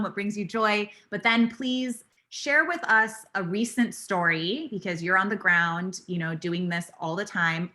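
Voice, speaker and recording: A woman's voice: mid-range voice, bright, forceful tone. A woman hosting an online CPR class, speaking in a heartfelt, conversational way over a video call. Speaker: CPR teacher, class host.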